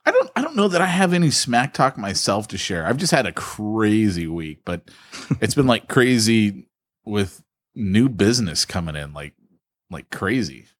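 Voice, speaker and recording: A man's voice: fairly low pitch, big pitch swings, moderate pace, no echo. A man co-hosting a podcast in casual banter, wry and jokey, often laughing at his own stories. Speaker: podcast co-host.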